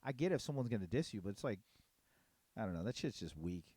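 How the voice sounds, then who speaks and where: A man's voice: on the low side, very animated, fast talker, warm tone, husky, no echo. A middle-aged man telling a heated story in casual, profane podcast chat. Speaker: podcast co-host.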